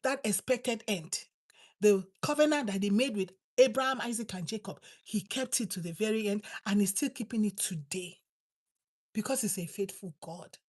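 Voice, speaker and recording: A woman's voice: medium pitch, normal speed, a little mellow, husky. A woman preaching a sermon, emphatic, repeating words for stress. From Nigeria.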